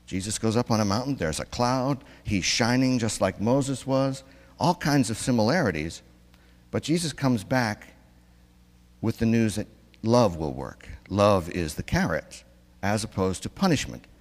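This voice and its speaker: A man's voice: on the low side, lively intonation, normal speed. A man giving a sermon in a conversational way, asking his congregation questions, recorded in a church. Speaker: preacher. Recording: long reverb in a church.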